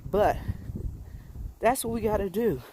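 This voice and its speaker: Strolling a country road, this woman livestreams a casual talk to viewers from her phone, a touch out of breath, homespun and preachy. Her mid-range voice is mellow, with lively intonation and a measured pace, over faint hiss or hum.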